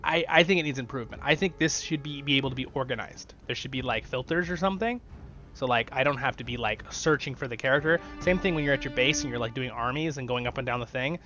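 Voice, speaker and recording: A man casually commentating his strategy gameplay, chatty and excitable, talking straight to his viewers. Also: medium pitch, fast talker. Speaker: gaming channel host. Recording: dull lo-fi sound with faint music.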